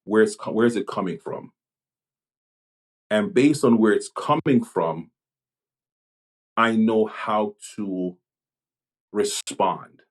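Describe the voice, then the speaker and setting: Reflective low-voiced Jamaica-born pastor. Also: male voice. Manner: reflective, halting, many restarts. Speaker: pastor and police chaplain. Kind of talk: podcast conversation.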